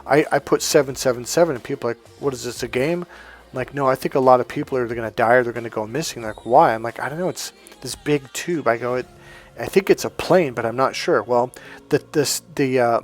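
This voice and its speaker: A man giving a casual spiritual monologue as a coach, animated and self-assured, often laughing at his own points. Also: mid-range voice, fast talker, soft background music.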